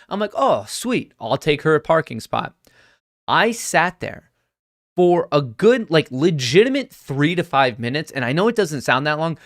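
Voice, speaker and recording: A young man hosting a livestream, telling a story in an animated, exasperated way. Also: medium pitch, dry recording, studio quality. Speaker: livestream host. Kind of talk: casual storytelling to viewers.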